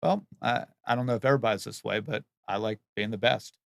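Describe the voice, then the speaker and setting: A man's voice: on the low side, quick pace, creaky, dry recording, studio quality. A man who builds and remodels homes, answering interview questions in a plain, earnest way and often restarting his words.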